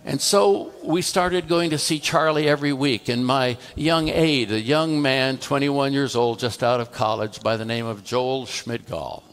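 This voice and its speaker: A man's voice: mid-range voice, a little slow, few pauses, a bit bright, soft background music. A male pastor telling a story in a conversational sermon, acting out the dialogue between the people in it. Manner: conversational, tells a story through quoted dialogue. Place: church.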